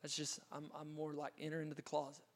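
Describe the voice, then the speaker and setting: A man's voice: fairly high pitch, monotone, fast talker. A man, a pastor telling an earnest, dramatic testimony in a sermon, with frequent restarts. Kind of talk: storytelling sermon.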